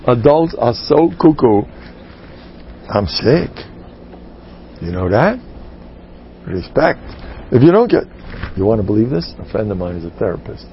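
Gravelly, animated rabbi telling stories. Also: male voice, medium pitch, moderate pace, lo-fi sound, a little hiss or hum. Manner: animated, jumps into character voices. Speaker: rabbi and teacher. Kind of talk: humorous inspirational talk to a group.

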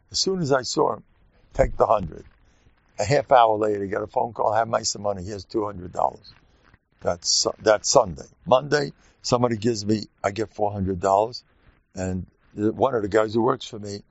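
A man's voice: fairly low pitch, creaky, darkish tone, slightly rough, no echo. A man giving an informal, joking religious talk full of personal stories and Yiddish and Hebrew terms, in a dull lo-fi recording. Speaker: religious speaker.

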